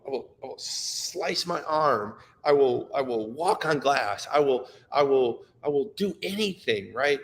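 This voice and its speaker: A man's voice: medium pitch, lively intonation, unhurried, hardly any pauses, long reverb tail, slight background noise. A middle-aged man giving an earnest, emotional motivational talk, often repeating himself and restarting his sentences. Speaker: speaker sharing personal stories.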